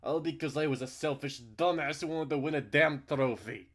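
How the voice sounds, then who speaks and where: A man's voice: sits low, fairly even intonation, moderate pace. A man voicing a guilt-ridden, self-loathing uncle. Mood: anguished. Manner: anguished, self-pitying outbursts.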